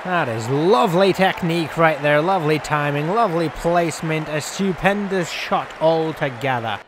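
A man's voice: fairly high pitch, normal speed. Swearing man ranting over a game. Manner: swearing, exasperated, joking. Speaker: gaming YouTuber. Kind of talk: casual gameplay commentary. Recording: loud game crowd and noise behind. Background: game crowd and ambience.

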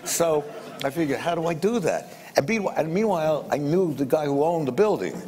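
A man's voice: on the high side, expressive, a little fast, a little mellow. Blunt older man telling stories in a reverberant room. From United States. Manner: blunt, acts out the dialogue in his stories, with punchy repetitions. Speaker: businessman interviewee. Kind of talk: anecdotal storytelling. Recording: reverberant room with faint background noise.

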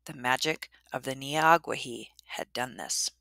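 A woman telling a traditional story in a measured, dramatic narration. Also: very deep voice, gravelly, bright, forceful tone, dry recording, studio quality.

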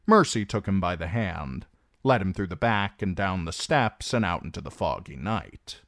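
A man reading a novel chapter aloud as narrator, slow and expressive. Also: low voice, no room sound, clean studio sound. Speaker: audiobook reader. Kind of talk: storybook narration.

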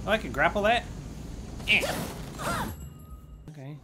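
A gaming channel host giving let's-play commentary, loud and exclamatory, yelling at enemies and making sarcastic asides. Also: mid-range voice, lively intonation, a little slow, long pauses, a little hiss or hum.

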